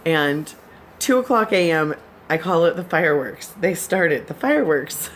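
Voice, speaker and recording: A woman's voice: sits low, lively intonation, moderate pace, a little hiss or hum. Giggly lady vlogger just chatting to her subs, voice bouncing all over, laughs a lot. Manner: giggly, laughs often while telling stories. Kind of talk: casual chat to subscribers.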